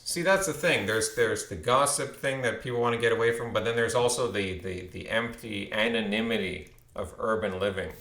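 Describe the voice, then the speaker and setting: A man's voice: on the low side, fairly bright tone, echoey room. A man in his thirties telling a long story to camera in a rambling way, restarting and repeating words. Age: 30s. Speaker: channel host. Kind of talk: casual storytelling monologue.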